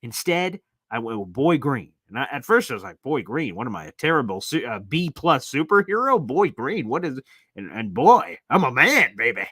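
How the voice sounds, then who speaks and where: A man in his thirties hosts a live sports chat with a bright, forceful voice. He rambles from one story to the next and jumps into little detours, with a dry, close sound and no room echo. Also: on the high side, big pitch swings, normal speed, creaky, few pauses, breathy edge. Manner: acts out quotes with voices and sound effects. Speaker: sports talk host.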